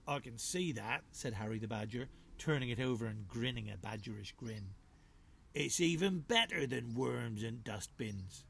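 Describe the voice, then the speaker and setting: Man voicing Harry the Badger, gruff ringleader. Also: medium pitch, expressive, normal speed, fairly bright tone, full character voice. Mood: sly. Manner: gruff, sly and persuasive. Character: gruff scheming male badger gang leader. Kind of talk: storybook read-aloud.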